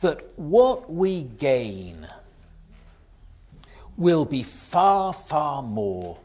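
A man preaching a sermon, swinging from loud emphatic lines to hushed, near-whispered ones. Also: on the high side, huge pitch swings, extremely slow, lo-fi sound.

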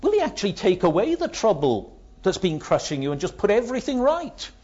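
A man's voice: high voice, wildly swooping pitch, fairly quick, a little mellow. A man preaching a sermon, asking rhetorical questions and telling illustrative stories, in a dull lo-fi recording.

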